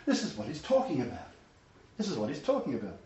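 A man's voice: a little high, huge pitch swings, quick pace, warm tone. A man leading a Bible study, reading scripture aloud and breaking off into emphatic, conversational commentary. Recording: roomy, distant, dull sound.

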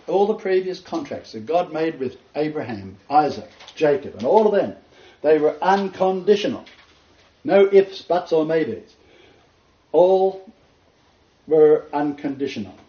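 Preaching a sermon in a fairly high, dark voice, this man reads from scripture and hammers home his main points through emphatic repetition. It's captured on a dull, roomy lo-fi recording.

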